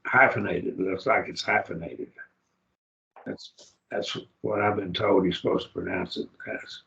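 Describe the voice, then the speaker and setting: A man teaching a Greek grammar class, who speaks slowly and repeats each word form aloud to model how it is pronounced. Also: lowish voice, creaky, a bit bright, dull audio. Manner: slow, repeats words aloud to model pronunciation. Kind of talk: classroom lecture. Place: church classroom.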